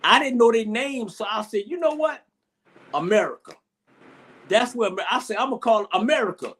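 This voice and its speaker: A man's voice: extremely high pitch, animated, fairly quick, fairly bright tone, husky. A middle-aged man telling a personal story as an interview guest on a video call, emotional, repeating himself and restarting often.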